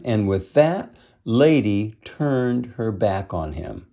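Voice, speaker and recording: Slow, low-voiced man reading a storybook. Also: very animated, gravelly, mellow. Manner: stops to explain the story in simple words. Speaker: storybook reader. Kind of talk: reading a picture book aloud with asides.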